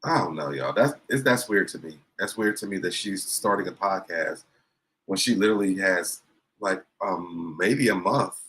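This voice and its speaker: Lower-voiced man giving gossipy commentary. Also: animated, normal speed, a bit bright, low-quality recording. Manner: gossipy, sarcastic, chats to viewers. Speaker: livestream host. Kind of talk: casual commentary reacting to clips.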